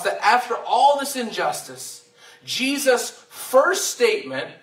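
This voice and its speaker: A man preaching a sermon as pastor, reading scripture and then explaining it in an earnest, measured way. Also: high-pitched, bright, forceful tone. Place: church sanctuary. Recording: echoey church hall, mic at a distance.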